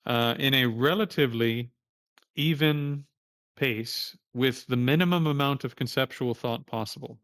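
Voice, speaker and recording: A man's voice: medium pitch, a bit bright, no echo, clean studio sound. A man teaching a livestreamed meditation class in a casual, plain-spoken way, cursing now and then.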